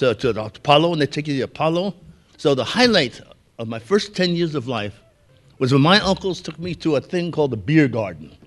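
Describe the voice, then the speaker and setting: An older man from Brooklyn giving a keynote speech, telling folksy, anecdotal stories and chuckling along with the audience. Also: medium pitch. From Brooklyn, New York. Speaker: keynote speaker. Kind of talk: storytelling speech.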